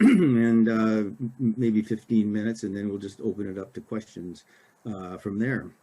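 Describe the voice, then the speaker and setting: An older man from Oregon, an author giving a casual library talk, halting with many fillers and restarts. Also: fairly low pitch, mellow, husky, dull audio.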